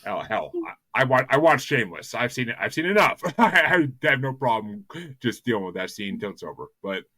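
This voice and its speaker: A man's voice: medium pitch, sing-song, fairly quick, sharp tone, dry recording. A man hosting a music podcast in casual chat, rambling and enthusiastic, often stumbling over repeated words. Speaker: podcast host.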